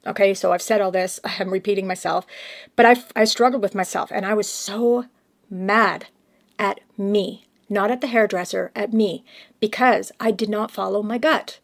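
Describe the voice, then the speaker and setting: A woman's voice: medium pitch, steady tone, normal speed, gravelly. A woman vlogger telling a story to camera, emotional and rambling, often restarting her sentences.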